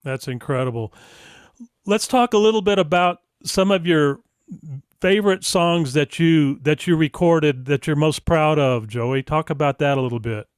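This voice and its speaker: An older man hosting a radio interview, relaxed and conversational, sharing his own anecdotes. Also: fairly high pitch, moderate pace, clean tone, no echo, clean studio sound. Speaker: radio host. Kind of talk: casual interview.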